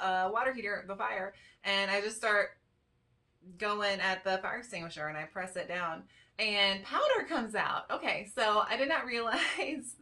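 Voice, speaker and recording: A woman's voice: mid-range voice, bright, forceful tone. A woman vlogger telling a story in a casual, rambling way, full of "you know" and "like.". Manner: rambling, chatty, heavy on fillers like "you know" and "like". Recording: voice a little distant from the mic.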